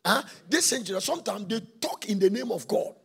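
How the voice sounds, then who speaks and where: A male preacher delivers an impassioned sermon, swinging between shouts and sung phrases. His voice is high for a man and heavily gravelly and husky, and he speaks briskly with lively intonation.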